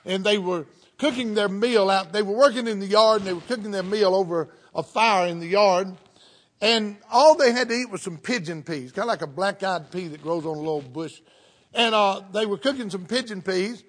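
Male preacher, Southern US accent, middle-aged, high voice, folksy sermon storyteller. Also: moderate pace. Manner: folksy storytelling with fervent interjections.

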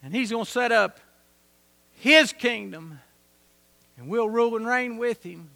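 A preacher with a strikingly high, bright voice delivers a homespun sermon. He drops to soft asides, then rises to ringing shouts. His twang and rough grammar give it a country church feel. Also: a little slow.

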